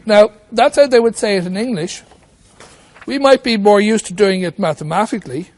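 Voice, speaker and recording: A man's voice: high voice, moderate pace, darkish tone. A man teaching maths at a whiteboard, walking through each step and asking himself questions as he goes. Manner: talks through steps with rhetorical questions. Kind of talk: whiteboard lesson.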